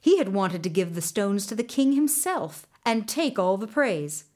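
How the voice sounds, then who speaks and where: Slow, expressive woman reading a fairy tale. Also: mid-range voice. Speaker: storyteller. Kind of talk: storybook narration.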